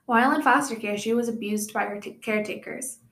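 A woman's voice: a little high, fairly quick, fairly bright tone. Chatty young woman recounting a true-crime case. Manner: reads the case with chatty asides and laughs. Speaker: podcast co-host presenting the case. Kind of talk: casual true-crime podcast storytelling. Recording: echoey room.

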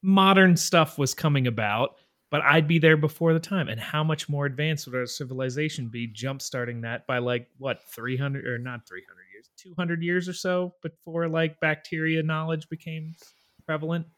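A man's voice: a little high, normal speed, fairly bright tone. A man on a casual podcast, rambling through a thoughtful answer with jokes. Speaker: podcast co-host.

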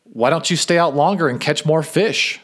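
A man reading a story aloud and voicing a pushy, self-assured male businessman who lectures in a brisk way. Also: a little high, a bit bright, pitched above the performer's own voice. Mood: pushy, smug.

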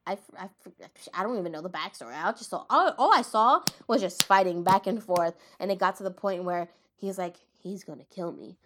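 Woman, casual anime vlog chat, giggly, rambling, middle pitch, soft music behind. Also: animated, a little fast. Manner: rambling, giggly, often stops to correct herself. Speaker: anime vlogger.

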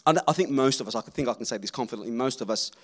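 A man preaching a sermon, animated and rallying the crowd, swinging between loud calls and hushed moments. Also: mid-range voice, racing.

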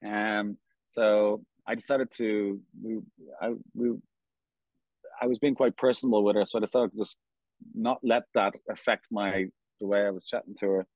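Irish man, lowish voice, rambling storyteller, dead-dry dull lo-fi recording. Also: steady tone, darkish tone, no room sound. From Ireland. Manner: rambling, halting, many restarts and fillers. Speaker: company founder, guest. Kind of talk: casual storytelling interview.

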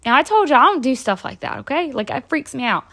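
A woman's voice: high voice, sing-song, fast talker, a bit bright. A woman, telling stories in a rambling, chatty way on a podcast, full of fillers and restarts. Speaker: podcast host. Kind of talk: casual storytelling.

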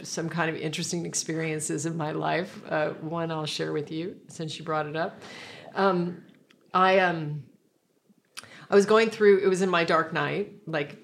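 A woman with a low voice tells a story in conversation. She is reflective and meandering, doubling back to restart her sentences as she goes. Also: a little hiss or hum. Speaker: guest.

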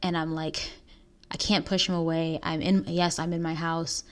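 Low-voiced woman telling a personal story. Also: flat delivery, smooth. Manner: earnest, halting, pauses and restarts. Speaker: podcast host.

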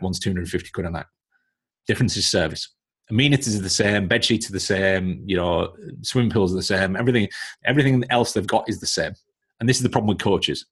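Low-pitched with a breathy edge, this Northern English man is a guest on a relaxed podcast. As a coaching business mentor, he lays out his opinions bluntly and drives them home with examples.

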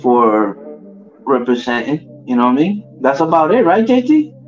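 A man's voice: medium pitch, very animated, moderate pace. A man in a mid-range voice chats loosely about wrestling, rambling from thought to thought with slang and fillers. The sound is muffled and lo-fi, with faint music underneath. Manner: rambling, slangy, full of fillers and "you know what I mean". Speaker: podcast co-host. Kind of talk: casual wrestling chat. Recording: dull lo-fi audio.

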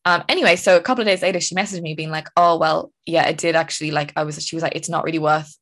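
A young woman from Ireland hosting a casual solo podcast, telling stories in a chatty, animated way with frequent laughs. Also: low voice, quick pace. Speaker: podcast host.

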